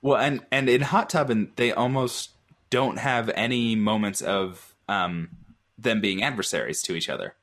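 A man in a casual podcast discussion, making his point in a measured way. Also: on the low side, fairly bright tone. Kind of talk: casual chat.

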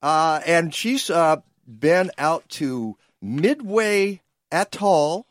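A man's voice: on the high side, animated, very slow, no room sound, clean studio sound. A man co-hosting a radio talk show, chatting casually and rambling with many fillers and jokes. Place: radio studio.

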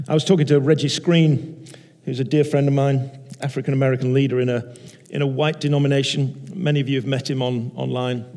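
A man preaching a sermon in a measured way, repeating key phrases for emphasis. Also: mid-range voice, level tone, mellow, big-room sound.

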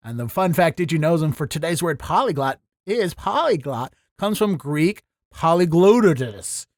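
High-voiced joking male podcast host. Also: lively intonation, normal speed, no room sound, studio quality. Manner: joking, riffs into mock bits. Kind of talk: casual comedic chat.

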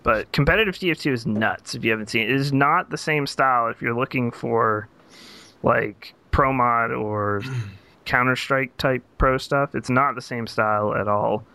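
A man co-hosting a casual gaming podcast, making upbeat quick remarks. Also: mid-range voice, vocal fry, bright, forceful tone, smooth. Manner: upbeat, quick remarks, reads chat questions. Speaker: podcast co-host. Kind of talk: casual chat.

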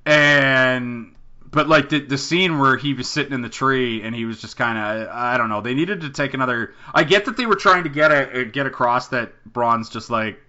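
Animated, very bright-voiced podcast host man. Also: medium pitch, normal speed. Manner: animated, laughs often, swears freely. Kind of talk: casual podcast chat. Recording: dull lo-fi recording.

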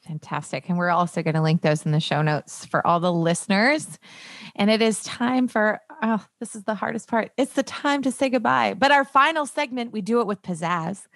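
A woman's voice: medium pitch, normal speed, creaky, no room sound. Laughing chatty woman podcast host. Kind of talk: casual chat.

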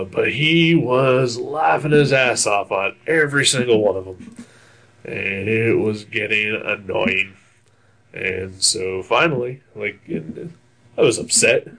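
A man's voice: fairly low pitch, fairly bright tone. A young man telling a long story on a casual talk show, rambling with many fillers, laughing often and swearing freely. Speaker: podcast co-host telling a story. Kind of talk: casual chat.

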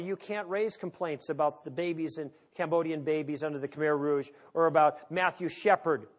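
A man lecturing to an audience in a conversational, humorous way, full of rhetorical questions. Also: a little high. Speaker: speaker on moral philosophy.

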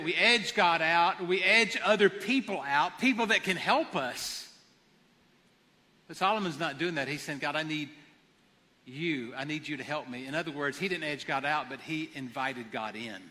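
A man preaches a sermon in an earnest way, circling back to key phrases to press them home. His voice sits high and sounds very bright and forceful. The sound trails off in the long reverb of a church hall. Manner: earnest, repeats phrases for emphasis. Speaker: pastor.

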